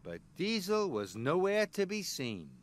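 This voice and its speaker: A man narrating a children's story in an expressive storybook style. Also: high voice. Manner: slow, expressive. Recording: music bed underneath. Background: music.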